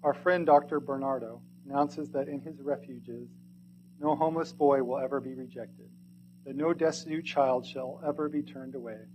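A man reading a sermon aloud in archaic English, earnest and pleading, swinging from loud to hushed. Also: mid-range voice, fairly even intonation, normal speed, noisy background.

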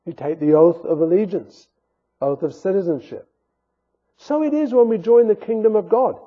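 A man's voice: high voice, slightly rough, dull audio. A man preaching a sermon in an earnest, emphatic way, his voice rising sharply when he rebukes.

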